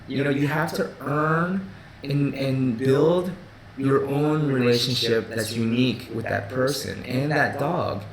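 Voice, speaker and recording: A man hosts a live stream from his office in loose, casual talk. He restarts and repeats himself, filling gaps with "you know" and "right?". His voice rings in a roomy space with a murmur of people behind him. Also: medium pitch. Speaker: groomer hosting a live Q&A stream.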